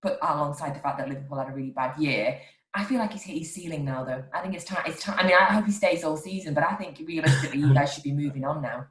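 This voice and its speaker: A woman hosting a casual football chat, fighting off a cold, lively and teasing in tone. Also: sits low, quick pace, roomy sound. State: has a cold. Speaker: host.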